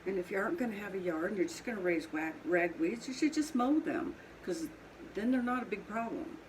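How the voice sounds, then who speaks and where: A woman's voice: medium pitch, expressive, brisk, a little hiss or hum, low-quality recording. A middle-aged woman from Colorado with a Southern twang and a sniffly nose, chatting casually in her home pottery studio while she works, rambling and laughing often. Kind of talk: casual chat while working.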